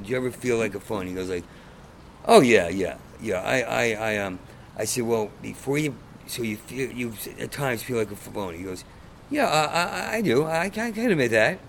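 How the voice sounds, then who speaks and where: A man's voice: mid-range voice, brisk, slight background noise. A man, a comedian, talking in casual conversation with a stutter, blunt and profane and rambling. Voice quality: stutter, repeats sounds. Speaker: stand-up comedian, guest.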